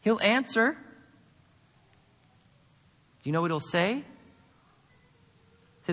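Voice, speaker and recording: A man's voice: sits high, animated, takes it slowly, long pauses, fairly bright tone, in a large hall. A man preaching a sermon, emphatic, with many rhetorical questions to the congregation. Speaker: pastor.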